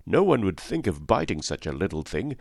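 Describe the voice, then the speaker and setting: Man reads as a big cowardly lion, sad and apologetic, low voice, dry close sound. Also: sing-song, fairly quick, gravelly, darkish tone, dry recording, full character voice. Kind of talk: audiobook reading.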